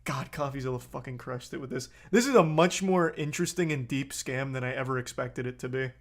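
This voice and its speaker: A man's voice: medium pitch, brisk. A man reacting to a video on a live stream, blunt and profane, getting heated as he talks.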